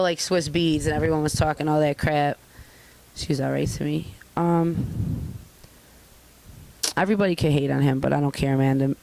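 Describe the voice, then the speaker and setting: A young woman chatting casually as an interview guest, candid and profane, telling stories with lively put-on voices. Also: low-pitched, vocal fry, rough recording. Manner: candid, profane, animated storytelling. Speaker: guest artist.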